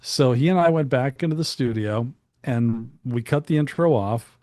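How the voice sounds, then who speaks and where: A man's voice: medium pitch, moderate pace, mellow, no echo. A man being interviewed as a guest, telling stories about studio work in a casual, chatty way, with frequent restarts and asides. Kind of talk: casual anecdotal storytelling.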